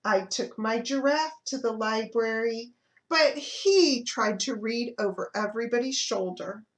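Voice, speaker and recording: Slow, expressive storytime librarian woman. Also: fairly high pitch. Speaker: children's librarian. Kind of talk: reading picture books aloud to toddlers.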